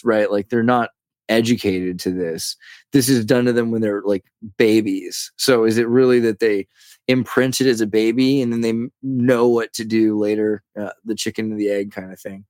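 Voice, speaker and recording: A man in his thirties from California, a podcast guest telling rambling, animated stories in casual conversation. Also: on the low side, moderate pace, dry recording, clean studio sound. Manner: rambling, animated storyteller who says "dude" and "like".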